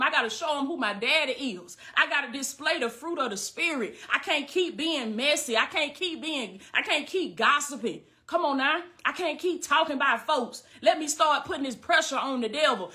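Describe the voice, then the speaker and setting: Fervent high-voiced woman preaching. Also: normal speed, hardly any pauses, bright, forceful tone. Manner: fervent, call-and-response preaching with repeated refrains. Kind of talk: sermon-style online message.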